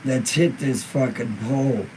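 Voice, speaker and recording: A man's voice: mid-range voice, slow, warm tone, slight background noise, low-quality recording. A laid-back man hosting a live-stream podcast, stoned and in pain, reading viewer comments in a rambling, profane way. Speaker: livestream podcast host.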